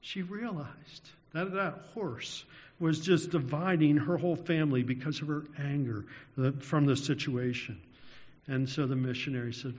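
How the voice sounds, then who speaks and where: A man preaching a sermon, telling anecdotes with small chuckles and then slowing into a prayer. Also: on the high side, lively intonation. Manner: anecdotal, chuckles through stories, slows down in prayer. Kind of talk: sermon storytelling ending in prayer. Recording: dull lo-fi sound with long hall reverb.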